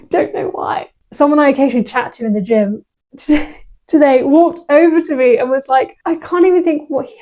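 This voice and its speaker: A woman's voice: high voice, dark tone. A young woman talking through her week in a casual, self-deprecating fitness vlog on a clip-on mic. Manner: chatty, self-deprecating, laughs at herself. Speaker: fitness vlogger. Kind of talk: casual vlog chat to camera. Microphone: clip-on lapel mic held in hand.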